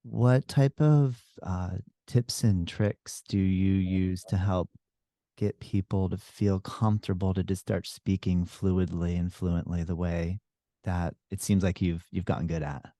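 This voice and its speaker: A man hosting a casual podcast interview, relaxed and affirming, with many fillers. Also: low voice, measured pace, no room sound, clean studio sound. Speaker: podcast host and yoga teacher.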